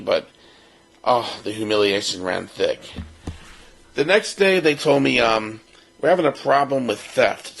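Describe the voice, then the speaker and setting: A man in his fifties from Baltimore with a gravelly, slightly husky voice. He co-hosts a podcast and spins a personal yarn, slipping into the voices of the people in it. His pitch sits in an ordinary middle range. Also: low-quality recording. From Baltimore, United States. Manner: lively storyteller who acts out the other people's lines. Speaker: podcast co-host.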